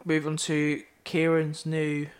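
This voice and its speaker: A young man bantering on a podcast with his mates. He talks in slang and keeps tagging his sentences with "innit" and "bruv". His voice sits a little high. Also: monotone, slow. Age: young adult. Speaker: podcast co-host. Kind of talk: casual chat.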